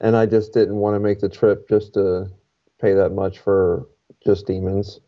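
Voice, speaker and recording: Low-voiced calm man, lo-fi sound. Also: a little slow. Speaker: podcast co-host. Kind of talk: casual podcast chat. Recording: dull lo-fi sound.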